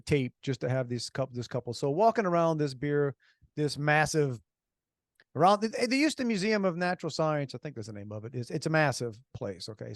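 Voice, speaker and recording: A middle-aged man co-hosts a casual podcast, his voice sitting high for a man. He rambles through stories, restarting sentences and laughing along the way. The sound is dry and close. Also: no room sound. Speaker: podcast co-host. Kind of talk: casual chat.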